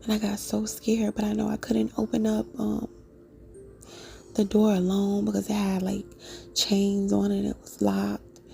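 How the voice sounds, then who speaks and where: A woman telling a dream in a soft, unvoiced whisper with many fillers, as a whispered vlog. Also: medium pitch, monotone, a little slow, creaky. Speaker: vlogger.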